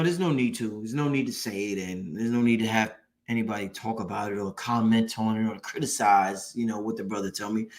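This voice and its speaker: A man's voice: medium pitch, fairly bright tone. A man hosting a late-night online show, giving an emphatic, preachy motivational talk that repeats points and swears casually. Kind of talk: motivational live-stream talk.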